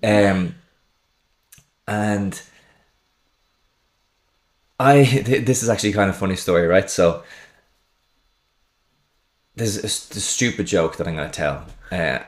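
A man with a very low, deep voice tells a rambling story in a relaxed podcast chat. He loses his thread now and then and laughs at his own jokes. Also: slow, pauses often, roomy sound. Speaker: podcast host. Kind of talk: casual interview chat.

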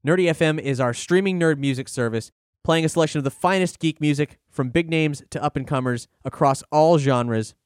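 Male podcast host: chatty, relaxed, smooth and somewhat high voice, dry close sound. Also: brisk, dry recording. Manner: chatty, relaxed, with filler words. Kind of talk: podcast outro with promos.

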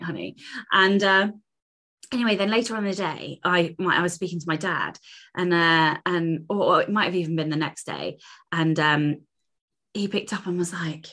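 A woman co-hosting a podcast in casual chat, animated, swearing freely and trailing off into fillers. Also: on the low side. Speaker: podcast co-host.

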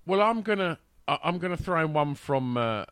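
A man, co-hosting a casual chat and talking in an animated, laughing way with many restarts. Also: fairly high pitch, normal speed, clear, resonant tone, dry recording, clean studio sound. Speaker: podcast co-host.

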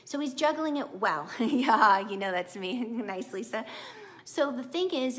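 Speaking at a normal speed with a fairly high pitch, this middle-aged tarot reader chats with viewers during a relaxed live session. She's warm and encouraging, lively, and quick to laugh.

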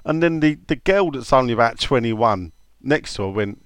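A man's voice: mid-range voice, brisk, no room sound. A man hosting a casual podcast, reading out listener questions and telling funny stories with frequent laughter. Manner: chatty storyteller, laughs often. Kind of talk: casual chat.

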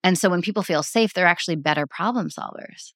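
A woman guest speaking calmly and earnestly in casual interview talk, with many "like" fillers. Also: lowish voice, fast, no echo, clean studio sound. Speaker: breathwork practitioner, guest.

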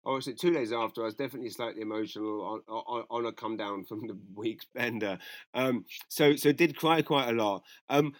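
A man's voice: medium pitch, a little fast, dry recording. A man, co-hosting a casual chat and rambling through strong, profane opinions. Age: 40s. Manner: rambling, opinionated, swears freely. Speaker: podcast co-host.

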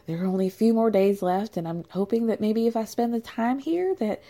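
A woman voicing a weepy, passive-aggressive middle-aged mother who talks in a high, simpering, teary way. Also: fairly quick, mellow, natural voice. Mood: wheedling.

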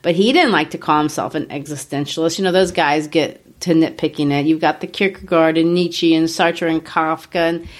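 A woman co-hosting a casual literary discussion, explaining ideas in a measured way with occasional playful asides. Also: low voice, steady tone. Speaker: podcast co-host.

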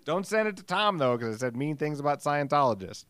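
A man's voice: on the high side, big pitch swings, fairly quick, fairly bright tone, clean tone, no room sound. A middle-aged man hosting a solo podcast, rambling casually, swearing freely and joking about himself. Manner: rambling, profane, self-deprecating. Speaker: podcast host.

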